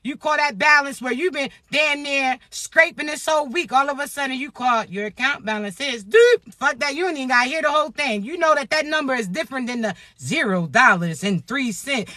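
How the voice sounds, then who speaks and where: High, bright-voiced Floridian woman preaching. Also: brisk, hardly any pauses, dry recording, clean studio sound. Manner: animated, preachy and profane, slangy. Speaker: spiritual motivational speaker. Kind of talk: spiritual pep talk to viewers.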